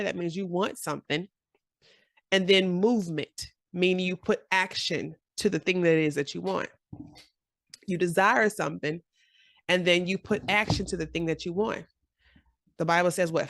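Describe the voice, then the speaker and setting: A woman in her forties giving a casual, encouraging motivational talk to camera, animated and often laughing. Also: fairly low pitch, normal speed, vocal fry, dry recording, clean studio sound. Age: 40s. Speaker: journaling vlogger.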